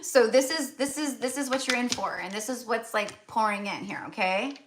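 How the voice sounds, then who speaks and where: A woman's voice: fairly high pitch, moderate pace, noisy background. An American woman giving a casual tarot reading, chatty and full of fillers and restarts. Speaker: tarot reader.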